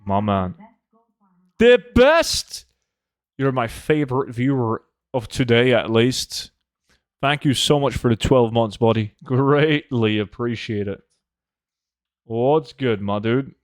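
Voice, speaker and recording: A man's voice: medium pitch, measured pace, dry recording. Laid-back joking male streamer, dry sound. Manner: swears a lot, joking and laid-back, reacts to chat. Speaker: live streamer. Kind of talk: casual live-stream chat. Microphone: desk microphone.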